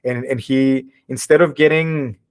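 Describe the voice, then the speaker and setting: A man's voice: mid-range voice, fairly even intonation, unhurried, smooth. A man, a spiritual teacher, telling a personal story in an earnest, emotional and candid way.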